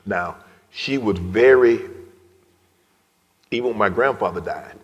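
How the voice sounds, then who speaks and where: Telling a personal story as a guest speaker at an event, a middle-aged man with a low, deep voice speaks slowly, moving from loud passages to near-whispers. The recording is muffled, and his voice rings with the long reverb of a big hall.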